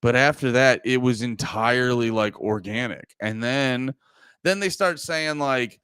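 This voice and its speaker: A young man hosts a loose, profane podcast chat, wandering off topic and correcting himself mid-sentence. His voice is smooth and resonant at a middle pitch, and the sound is dry and close. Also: a little slow, fairly bright tone, dry recording. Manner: profane, rambling, self-interrupting, laughs often. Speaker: podcast host. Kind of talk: casual rambling chat.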